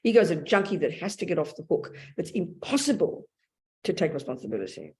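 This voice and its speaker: A woman's voice: lowish voice, very animated, quick pace, a little mellow. Blunt Australian woman teaching Buddhism. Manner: blunt, emphatic, calls listeners darling. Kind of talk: dharma talk with questions.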